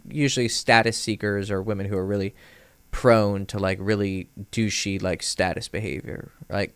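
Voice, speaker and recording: A man, a dating coach, telling a long casual story on a livestream, swearing freely and acting out the quoted lines of others. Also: dry recording. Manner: rambling, profane, acts out quoted dialogue with rising pitch; many fillers and restarts.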